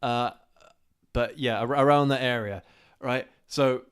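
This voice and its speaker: A man co-hosting a live chat show, talking in a rambling, easygoing way. He restarts his sentences often and his voice lifts and speeds up as he gets worked up. His pitch sits in the middle range for a man. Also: measured pace, smooth. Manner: rambling, animated when ranting, laughs easily. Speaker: co-host. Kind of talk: casual live-stream chat.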